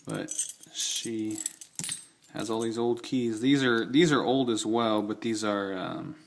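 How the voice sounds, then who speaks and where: A young knife collector with a lowish voice talks slowly through his gear, old-fashioned knives and keys, in a casual show-and-tell video. His commentary rambles, with self-corrections and eager side remarks.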